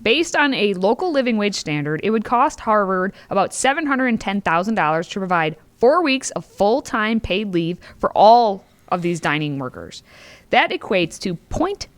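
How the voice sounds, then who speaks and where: A woman's voice: medium pitch, big pitch swings, moderate pace. A woman hosting a casual political talk show, summarizing news items with lots of laughter and banter. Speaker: host.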